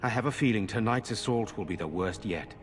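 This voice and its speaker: An actor playing an earnest nobleman in a video game, speaking in a formal, measured way. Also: fairly low pitch, expressive, faint music behind, lightly acted. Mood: grave. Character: grave noble lord, older brother, earnest man. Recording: long reverb.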